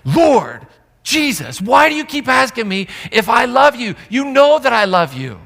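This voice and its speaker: A man voicing a brash, hot-headed male fisherman disciple who speaks in a loud, defiant way. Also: very high voice, big pitch swings, a little slow, creaky, in a large hall, voice pushed up, exaggerated voice. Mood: exasperated.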